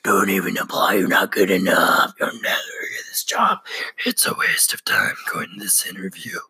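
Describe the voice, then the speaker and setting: A man's voice: low voice, very animated, normal speed, pushed and bright, slightly rough, dry recording, heavily acted. A man voicing a cruel male inner demon that nags and doubts him, his taunts sliding into a hiss. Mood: taunting. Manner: taunting, hissing into a whisper.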